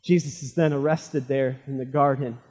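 A man preaching a sermon, retelling a story dramatically and swinging from loud, fervent lines to hushed ones. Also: mid-range voice, fairly even intonation, moderate pace, breathy edge. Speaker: pastor. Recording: long hall reverb.

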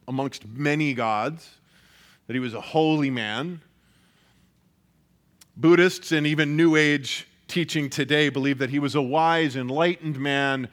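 A man's voice: on the high side, fairly bright tone. A man preaching a sermon, earnest and emphatic, often repeating phrases for weight. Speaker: pastor.

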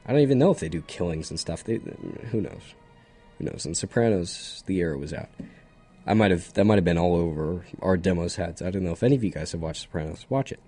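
A man's voice: low-pitched, expressive, fairly quick, mellow, slightly rough, soft background music. A young man hosting a solo radio show, chatting casually in a rambling, jokey way that keeps drifting off topic, and running on no sleep. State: sleep-deprived.

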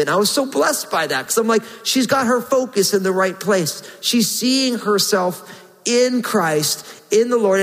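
Guy preaching a sermon, earnest and emphatic, pretty high voice, big echoey hall. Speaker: pastor.

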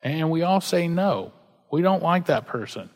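A man's voice: fairly high pitch, sing-song, measured pace, a little mellow, in a large hall. A man preaching a sermon, reading scripture aloud and then explaining it in a casual, conversational way with everyday examples. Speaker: pastor.

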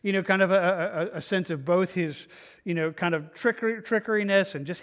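A man with a slightly high voice teaches a Bible study in a relaxed, conversational way. He is earnest and works through his ideas out loud, often stopping and restarting his sentences. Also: brisk. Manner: earnest, thinking aloud with frequent restarts.

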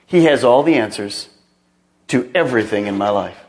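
A man's voice: lowish voice, expressive, moderate pace, darkish tone. A middle-aged male pastor preaching a sermon, emphatic and calling on the congregation to repeat phrases after him. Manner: emphatic, calls for congregation responses.

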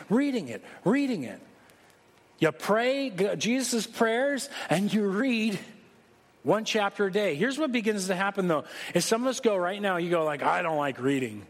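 Pastor guy preaching, highish voice, jokey and emphatic, big echoey church hall. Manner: conversational, joking, emphatic preaching. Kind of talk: sermon. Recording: long hall reverb.

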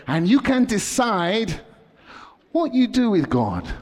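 A man preaching to children and telling stories dramatically, swinging from excited to hushed. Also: sits high, slow, big-room sound. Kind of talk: storytelling sermon to children.

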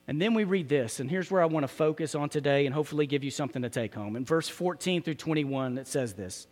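A man's voice: a little high, fast, hardly any pauses, big-room sound. A male pastor preaching a sermon in a conversational, emphatic way. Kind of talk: sermon with scripture reading.

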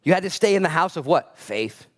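A man preaching a casual, conversational sermon, animated and joking as he acts out the voices of people in his stories. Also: a little high, a little fast. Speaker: pastor.

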